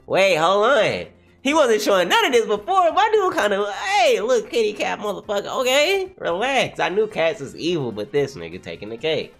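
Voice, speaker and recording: A man reacting live to a comic as he reads it, excitable and profane, laughing often and swinging between high and low voices. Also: moderate pace, faint music behind.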